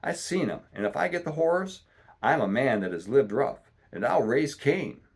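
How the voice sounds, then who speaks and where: A man voicing a sick, rum-craving old pirate captain who talks in gruff, salty seaman's slang, reading a storybook aloud. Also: medium pitch, big pitch swings, normal speed, voice pushed up, exaggerated voice. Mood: blustering. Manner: gruff salty seaman's talk, pleading then cursing.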